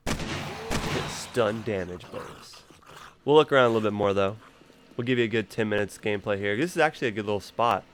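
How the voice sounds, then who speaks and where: A man's voice: on the low side, very fast, slight background noise. A man giving casual, rambling gameplay commentary as a gaming YouTuber. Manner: rambling, loose, laughs easily.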